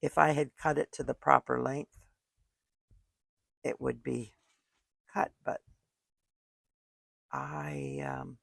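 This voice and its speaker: A woman's voice: very deep voice, very animated, slow, vocal fry, long pauses, breathy edge, dry recording, studio quality. An older woman chatting casually as she makes a card at home, thinking aloud while she works. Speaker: card-making crafter. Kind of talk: casual crafting tutorial. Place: home craft room. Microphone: desk microphone.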